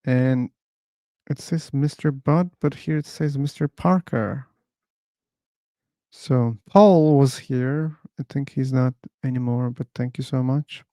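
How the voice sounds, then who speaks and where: A man hosting a livestream on a computer mic, thanking his chat one by one in a halting way. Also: medium pitch, mellow, no echo, clean studio sound. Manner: slow, halting, reads out chat names. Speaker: livestream host.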